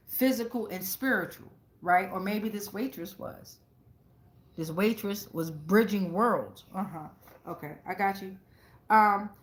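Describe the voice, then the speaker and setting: A woman giving a casual tarot reading to her viewers, talking excitably with lots of profanity, repeating phrases and checking in with "right?" again and again. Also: mid-range voice, reverberant. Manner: profane, keeps asking "right?". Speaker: tarot reader.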